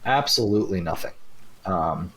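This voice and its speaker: A young man narrating a tabletop game as game master, halting with restarts and fillers. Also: deep voice, animated, fairly bright tone, low-quality recording.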